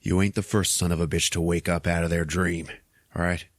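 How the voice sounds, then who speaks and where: A man impersonating a gruff, tough drifter. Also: deep voice, little pitch movement, brisk, dry recording, studio quality.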